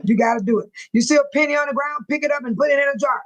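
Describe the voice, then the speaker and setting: A woman's voice: high-pitched, racing, lo-fi sound. A woman hosting a live chat, reading viewer comments aloud and often breaking into laughter, speaking in a folksy, churchy way. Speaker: livestream host.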